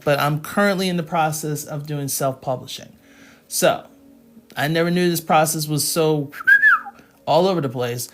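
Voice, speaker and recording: A woman teaching a live math lesson, explaining each step patiently and checking in with her students. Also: low-pitched.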